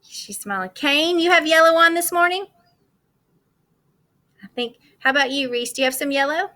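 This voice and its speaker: A woman's voice: sits high, lively intonation, moderate pace, bright, forceful tone. A woman teaching kindergarten over a video call, cheerful and sing-song, coaxing young children through the morning meeting. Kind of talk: online class morning meeting.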